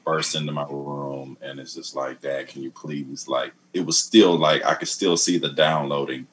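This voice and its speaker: A middle-aged man who is a comedian, telling a story in a casual interview. He mumbles, lets his voice trail off quietly, and jumps higher when quoting himself. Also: steady tone, moderate pace. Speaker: comedian guest.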